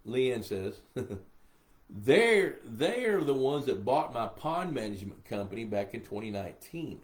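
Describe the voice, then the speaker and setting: A man's voice: medium pitch, big pitch swings, measured pace. An older man hosting a live pond management Q&A, rambling and a bit sleepy as he reads viewers' questions aloud. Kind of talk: casual live-stream Q&A.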